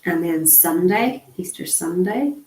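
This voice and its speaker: A woman's voice: on the low side, lively intonation, dark tone. Chatty woman in an echoey room. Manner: chatty, unhurried, with frequent ums. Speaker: voice of a sign language teacher. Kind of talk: casual online sign language lesson.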